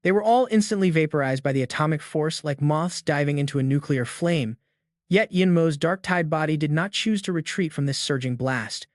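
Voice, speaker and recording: A man's voice: on the high side, normal speed, no room sound, clean studio sound. A man narrating a dramatic story recap in a scripted, storytelling manner.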